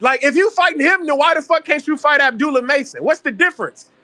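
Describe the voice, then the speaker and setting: High, bright-voiced man ranting hard. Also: expressive, fast, dry recording. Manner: profane, ranting, emphatic. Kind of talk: heated casual panel talk.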